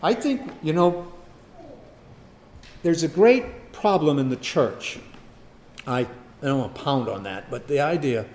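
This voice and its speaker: A man preaching a sermon, firing rhetorical questions and swinging from loud emphasis to quiet asides. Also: a little high, lively intonation, unhurried, long pauses.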